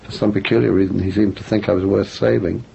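An older author from England, interviewed as a guest, talks fast in a warm, husky, lowish voice with vocal fry and fairly even intonation. His reflective, self-deprecating answers include frequent restarts, captured on a dull lo-fi radio recording with faint noise.

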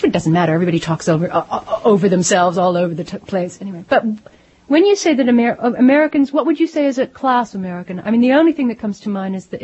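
A middle-aged woman from Pennsylvania, an author guest in a radio studio interview, talking in an animated way with frequent restarts. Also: medium pitch, slightly rough, lo-fi sound. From Lancaster, Pennsylvania. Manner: animated, self-interrupting, laughs easily. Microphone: studio microphone.

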